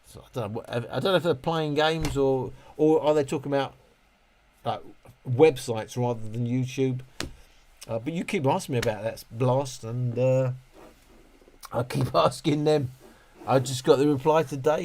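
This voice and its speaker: A man's voice: medium pitch, moderate pace, a little mellow. A man hosting a casual livestream, rambling and joking while he moans and swears. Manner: rambling, joking, moaning with frequent laughs and swearing. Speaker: livestream host reviewing speakers.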